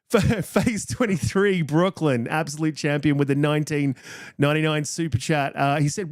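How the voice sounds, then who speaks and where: A man's voice: mid-range voice, dry recording, clean studio sound. A man hosting a casual podcast, talking things through in a reflective way and often restarting his phrases. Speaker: podcast host.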